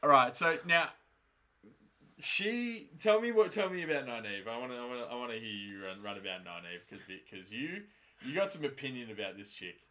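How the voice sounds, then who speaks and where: A man with a bright, forceful voice talks casually as a podcast co-host, swearing freely and acting out what the characters say. His pitch sits in the middle range for a man. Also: fairly quick. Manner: profane, animated, acts out characters' lines. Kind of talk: casual chat recapping a TV episode.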